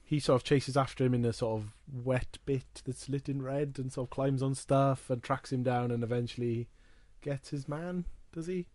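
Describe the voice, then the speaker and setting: A man's voice: mid-range voice, fairly even intonation, normal speed, hardly any pauses, a little mellow, no echo. Casual host, male, dry close voice, meandering wry delivery. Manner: rambling, wry recapping of the plot with frequent restarts. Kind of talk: casual chat.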